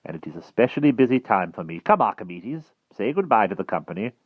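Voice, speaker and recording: A man voicing a wise old magician who speaks in a measured, kindly way. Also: fairly low pitch, very animated, no echo, dull audio, pitched above the performer's own voice. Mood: gentle. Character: wise old male magician, gentle and calm.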